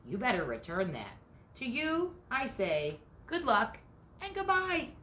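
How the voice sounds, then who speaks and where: A boastful little male squirrel chatters in a high, eager voice, stretching out his words as he counts his nuts, as a woman reading a storybook puts him on. The voice is bright and jumps all over, with a roomy echo around it. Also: wildly swooping pitch, takes it slowly, a little hiss or hum, exaggerated voice. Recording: echoey room.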